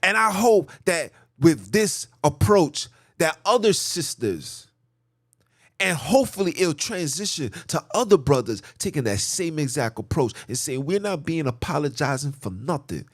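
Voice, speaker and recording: A podcast host delivers a heated, preachy ranting monologue, driving his points home emphatically with repeated lists. His voice is a little high and sing-song, his pace a little slow, and the studio recording is dry and clean.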